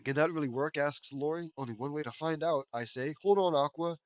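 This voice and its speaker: A man reads fan fiction aloud, stopping now and then to poke fun at the story with wry, sarcastic remarks. His voice sits a little high, and he pushes it higher still for the quoted characters. The sound is dry and close, with no room echo. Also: a little fast. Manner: mocking, wry commentary between read lines. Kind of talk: reading aloud with sarcastic asides.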